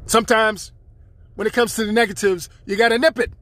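A man's voice: high-pitched, steady tone, fairly quick, fairly bright tone, dry recording. A man hosting his own podcast, delivering a rambling spiritual monologue with preachy, chanted repetitions. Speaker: podcast host.

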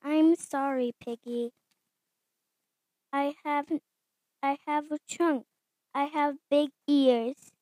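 A woman voicing a gentle, worried male elephant from a picture book, speaking quietly and haltingly. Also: sits high, fairly even intonation, dry recording. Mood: sad.

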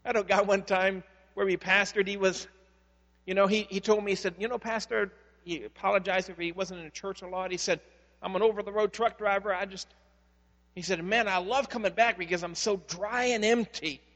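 High-voiced pastor preaching in a hall. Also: male voice, steady tone, fairly quick. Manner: storytelling, swings from loud emphasis to hushed. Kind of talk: sermon.

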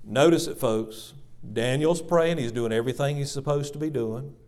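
The speaker is a male pastor delivering a dramatic, repetitive church sermon to the "folks" in his congregation. At a medium pitch and normal speed, he alternates between loud emphasis and quiet asides.

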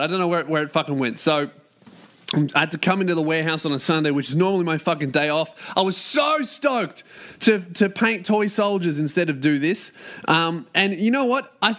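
A man's voice: a little high, a bit bright. A man hosting a solo podcast, ranting and swearing, then turning it on himself. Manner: ranting, sweary, self-deprecating. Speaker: podcast host. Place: warehouse.

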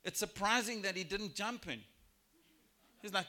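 A man preaching a sermon in church, lively and expressive, acting out biblical characters in raised voices. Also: moderate pace, pauses often. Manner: animated, acts out quoted voices with rising pitch and volume. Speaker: pastor. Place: church sanctuary.

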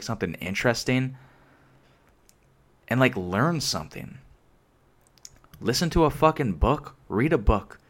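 A man's voice: mid-range voice, a bit bright. A young man ranting casually into a microphone, rambling with lots of filler words and constant swearing. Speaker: solo vlogger. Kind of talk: casual unscripted rant. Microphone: desk microphone.

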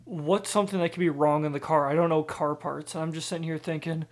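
Man with a fairly high voice, rambling. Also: fairly even intonation, fast. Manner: laughing, rambling explanations. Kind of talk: casual chat among friends.

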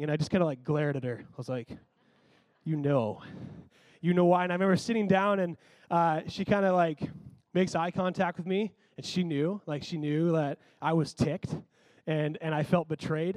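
A man preaching a sermon, telling a childhood story in an animated, conversational way with lots of "like.". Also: fairly high pitch, no room sound.

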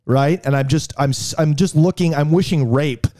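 A man's voice: on the high side, moderate pace, a crowd in the background. A man telling a crude comic story on a podcast, ranting with lots of swearing and stammered restarts.

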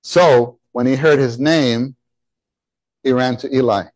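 A middle-aged man delivers a sermon with animated emphasis, circling back to repeat his key words. His voice sits in a mid range and sounds dry and close to the mic. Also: medium pitch, slow pace, no room sound. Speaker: pastor.

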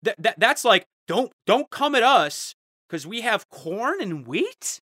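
A young man hosts a casual podcast and rants in mock outrage, with a bright, fairly high voice. The sound is dry and close, with no room heard. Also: sing-song, slow, dry recording. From Ohio. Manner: ranting, mock-outraged, jumps into quoted voices. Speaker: podcast host.

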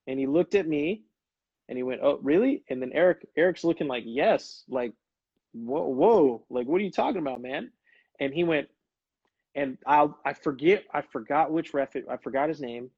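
Relaxed man telling stories on a stream. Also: fairly high pitch, moderate pace, dry recording, lo-fi sound. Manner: laid-back storytelling, calls people brother. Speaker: livestream host, former pro soccer player. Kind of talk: casual livestream chat.

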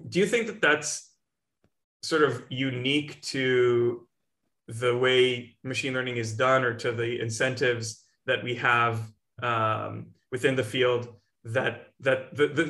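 A man with a bright, crisp voice hosting a casual podcast interview. He builds his questions haltingly, stopping and restarting as he searches for words. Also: medium pitch. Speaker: podcast host.

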